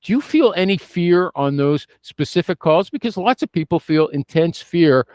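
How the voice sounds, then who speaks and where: A man's voice: a little high, lively intonation, normal speed, darkish tone, no room sound. Probing male podcast host, dry sound. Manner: probing, checks in with "okay?", playful teasing. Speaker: show host. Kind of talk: casual interview chat.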